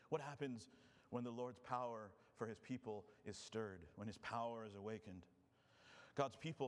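A man preaching a sermon as a pastor, expressive, moving between loud emphasis and quiet, low passages. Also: long reverb tail.

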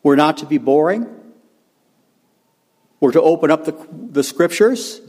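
A man's voice: on the high side, animated, a little slow, darkish tone. Older man preaching an emphatic sermon. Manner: emphatic, repeats phrases, chuckles at himself.

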